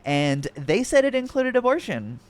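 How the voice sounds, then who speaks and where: A man's voice: very high voice, sing-song, moderate pace, clean tone, pitched above the performer's own voice. A man mimicking a prim female official in a sarcastic, sing-song parody. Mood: mocking. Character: mocking impression of a prim woman official.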